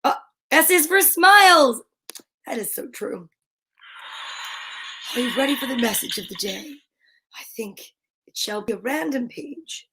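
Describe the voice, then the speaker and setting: Animated high-voiced New Jersey woman. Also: poor audio. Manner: animated, playful, sing-song greetings. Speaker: children's show host. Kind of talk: cheerful live-stream chat for kids.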